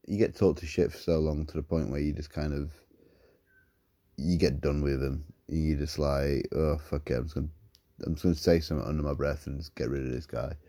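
A man's voice: extremely low pitch, mellow, dry recording, clean studio sound. A man, co-hosting a podcast and frankly telling stories about customers, with plenty of swearing. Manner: frank, profane storytelling. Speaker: podcast co-host. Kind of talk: casual chat.

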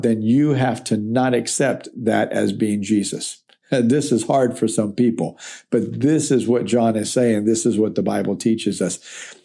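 A man's voice: medium pitch, mellow, breathy edge. A man teaching through a Bible letter verse by verse, in a conversational, explanatory way. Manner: conversational, explanatory, checks in with okay.

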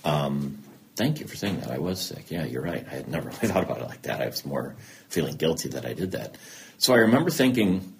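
A middle-aged Midwestern man with a very low voice tells a personal story in an interview, and his pitch swings widely as he acts out the people in it. A faint hum of ambience sits behind him. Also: fairly quick, vocal fry. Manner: animated, acts out both sides of quoted dialogue. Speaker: interviewed guest, TV news anchor.

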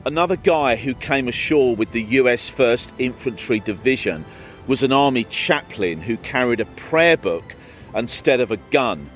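A male documentary presenter speaks in a solemn, measured tone at a middle pitch, delivering scripted narration. Faint music sits under his voice. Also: expressive, a bit bright.

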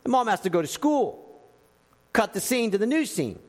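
A man's voice: sits high, big pitch swings, normal speed. A man preaching a sermon in a church, telling stories and acting out scenes with animation. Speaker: pastor. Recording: echoey hall with long reverb.

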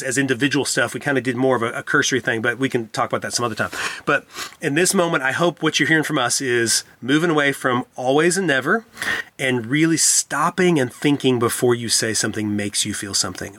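A man co-hosting a casual parenting podcast as a counselor, telling stories with lively acted-out quotes. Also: mid-range voice. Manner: animated storyteller who acts out quotes. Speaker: licensed counselor, podcast co-host.

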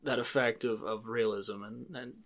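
Halting male podcast co-host. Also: fairly low pitch, steady tone, a bit bright. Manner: halting, stumbles and repeats words. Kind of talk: casual movie commentary.

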